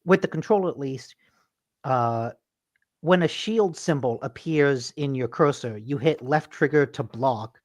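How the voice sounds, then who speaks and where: A podcast co-host on a call, talking in a halting way full of fillers and laughing easily. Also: mid-range voice. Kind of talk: casual chat. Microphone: remote call mic.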